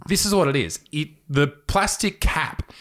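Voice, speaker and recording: A man's voice: fairly high pitch, lively intonation, measured pace, a bit bright. A young Australian man hosting a podcast, telling a story in a laid-back way, swearing a lot and laughing as he goes. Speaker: podcast host. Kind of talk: casual chat.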